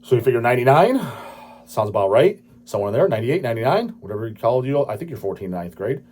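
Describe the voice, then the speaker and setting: Male host, late 30s, husky voice, crude profane ranting delivery. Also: mid-range voice, big pitch swings, fast, darkish tone. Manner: crude, swearing, dismissive ranting. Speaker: channel host answering viewer questions. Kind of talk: profane ranting casual talk.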